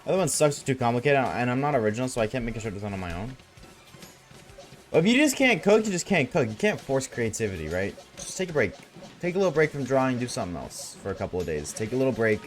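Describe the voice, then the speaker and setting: A man's voice: mid-range voice, animated, very fast, soft background music. A man streaming a game and chatting casually with his viewers, laid-back and slangy, reading chat aloud.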